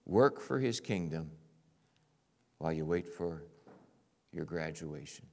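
A male pastor preaching a sermon, animated, swinging from quiet, intimate lines to loud, excited bursts. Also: very deep voice, slow, creaky.

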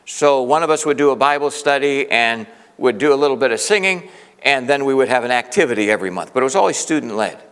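A man's voice: medium pitch, lively intonation, quick pace, a bit bright, clear, resonant tone. A middle-aged man preaching a storytelling sermon, earnest and conversational, often restarting his sentences. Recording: long reverb of a large hall.

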